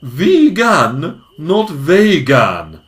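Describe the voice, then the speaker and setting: A performer plays a pedantic goose sidekick in a homemade audio drama. The goose corrects everyone in a deadpan tone, yet the voice jumps through a huge range of pitch. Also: moderate pace. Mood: sardonic. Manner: sardonic, correcting, deadpan asides. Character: dry, pedantic goose companion. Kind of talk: hobby audio drama acting.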